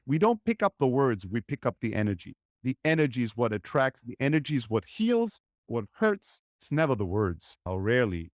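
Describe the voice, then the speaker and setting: A man's voice: mid-range voice, dry recording, studio quality. A man hosting his own podcast, telling a personal story in an earnest, reflective way and often checking in with "right?". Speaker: podcast host.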